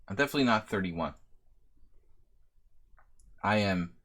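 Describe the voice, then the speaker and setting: A man's voice: on the low side, lively intonation, a little slow, a bit bright. A man in his late thirties giving rambling, self-deprecating live-stream commentary while playing many chess games at once. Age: 30s. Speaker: chess master giving a simul.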